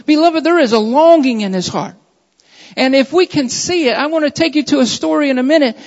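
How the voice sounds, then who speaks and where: A man's voice: very high voice, a little fast. A man preaching a sermon with an emphatic, repetitive cadence, building his points through repeated phrases. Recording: dull audio with long hall reverb.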